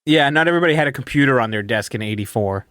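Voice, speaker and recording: A man's voice: mid-range voice, expressive, racing, a bit bright, dry recording, studio quality. A man co-hosting a casual podcast, laid-back and swearing easily. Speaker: podcast co-host.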